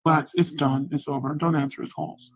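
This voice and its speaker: A woman's voice: low voice, steady tone, brisk, low-quality recording. A woman livestreaming a heated, profane rant who also pleads with her mother on the phone.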